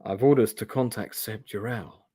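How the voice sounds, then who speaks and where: A man voicing a young male warrior hero in a low, quiet, husky murmur. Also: normal speed. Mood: grave.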